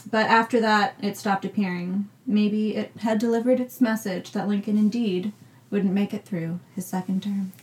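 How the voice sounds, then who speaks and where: A woman's voice: mid-range voice, fairly even intonation, moderate pace, darkish tone. A young woman from New England, co-hosting a podcast, telling a spooky story in a casual, jokey way. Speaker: podcast co-host.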